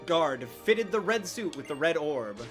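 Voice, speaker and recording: A man's voice: on the high side, big pitch swings, a little slow, faint music behind. A man giving casual, joking commentary while streaming a game, laughing often.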